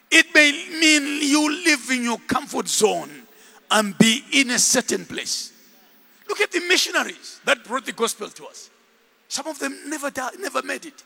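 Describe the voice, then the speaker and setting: A man preaching a sermon, animated, shouting and laughing with the congregation. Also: high-pitched, gravelly. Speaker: pastor. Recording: long hall reverb.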